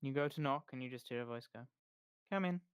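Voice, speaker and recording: A calm game master narrates a tabletop game with a dry, wry touch. The voice sits at a middling pitch. It is recorded close and dry, with no room around it. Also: rapid-fire, smooth, dry recording.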